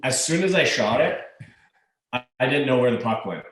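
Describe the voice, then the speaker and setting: A man's voice: medium pitch, expressive, echoey room, far from the mic, a crowd in the background, poor audio. A man in his thirties, a hockey player guest, chatting easily with lots of fillers and restarts. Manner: easygoing, halting with fillers and restarts. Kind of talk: casual interview chat.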